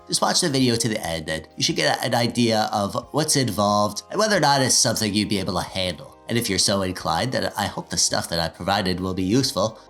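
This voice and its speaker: A man in his thirties with a nasal, stuffy voice, talking in a casual, sarcastic, self-deprecating vlog style as he gets excited about his project. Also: fairly low pitch. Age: 30s. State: stuffy, getting over an illness. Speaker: DIY tech vlogger.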